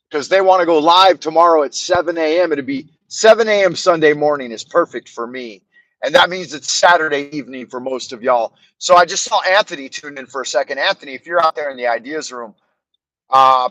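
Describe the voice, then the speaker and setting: A man's voice: a little high, pushed and bright, no room sound, low-quality recording. A middle-aged man hosting a livestream, rambling and joking crudely as he talks to his chat. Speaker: livestream host.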